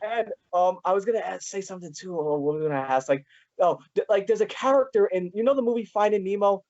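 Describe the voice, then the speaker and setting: Eager young man, high voice, rambling host. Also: fast, darkish tone. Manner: eager, rambling, lots of fillers. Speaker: podcast host. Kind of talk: casual interview chat. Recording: dull lo-fi sound.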